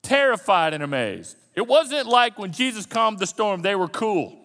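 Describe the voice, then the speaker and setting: A man preaching a sermon as the pastor, telling the story in an animated way and acting out the scenes. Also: high voice, moderate pace, big-room sound.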